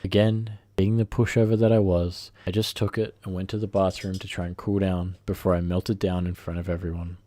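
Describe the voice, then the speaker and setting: Man reading a first-person story, halting and self-correcting, deep voice, mellow tone. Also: little pitch movement, no echo. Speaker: story narrator.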